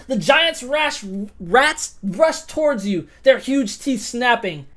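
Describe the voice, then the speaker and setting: A woman narrating a tabletop game as game master, excitable, swearing casually and laughing often. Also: high-pitched, slow pace.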